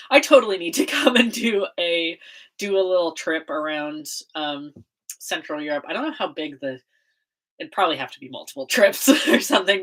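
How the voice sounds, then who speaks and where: Her voice is low-pitched and a bit bright. The young American livestream host chats casually, giggling, laughing, and filling her speech with fillers in a bubbly manner.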